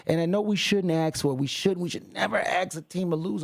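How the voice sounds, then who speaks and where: Brief: man, sports talk host, slightly high voice, passionate and exasperated. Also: a little fast, creaky, few pauses. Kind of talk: sports talk radio rant. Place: radio studio.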